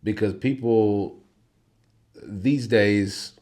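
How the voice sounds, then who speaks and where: A man hosting a casual interview, talking in a relaxed, rambling way with many restarts. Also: on the low side, drawn-out words. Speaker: podcast host.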